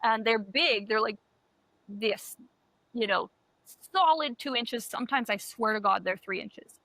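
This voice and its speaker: A woman co-hosting a podcast, telling animated stories in casual chat and swearing often. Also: a little high, unhurried, dry recording. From Canada. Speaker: podcast co-host.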